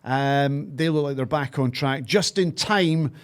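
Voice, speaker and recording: Brisk Scottish podcast host. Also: male voice, fairly high pitch, clean tone. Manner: brisk, teasing, presenter-like. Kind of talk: casual podcast hosting.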